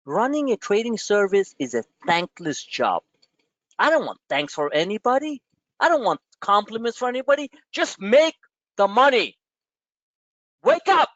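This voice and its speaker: Ranting live to his trading class, a New Yorker who runs the webinar swears often and lectures with blunt frustration. His high-sitting, slightly bright voice is very animated, rising and falling at a moderate pace. There's no room sound, just dull, muffled lo-fi audio.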